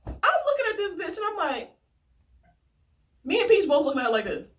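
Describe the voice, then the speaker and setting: Animated woman with lively pitch, a bit off-mic. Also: a little fast, distant mic, a little hiss or hum. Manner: animated, swearing, slangy. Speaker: vlogger. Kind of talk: casual storytelling rant.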